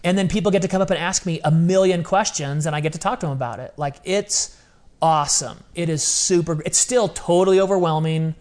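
Animated higher-voiced man telling a story. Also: fairly quick. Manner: animated, casual slang, acts out quoted voices. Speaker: guest. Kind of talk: casual storytelling chat.

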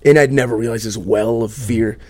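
Podcast host, male, thirties, candid animated storyteller, dry close mic. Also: medium pitch, fairly quick, no echo. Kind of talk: casual podcast conversation.

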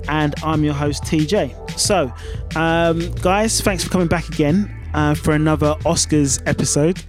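A man's voice: on the high side, steady tone, unhurried, soft background music. Chatty upbeat male podcast host. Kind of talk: casual podcast chat.

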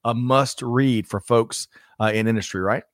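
Energetic man hosting a live show. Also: medium pitch, normal speed, no room sound, studio quality. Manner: energetic, reads out viewer names, jokey. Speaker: livestream co-host. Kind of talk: upbeat live show banter.

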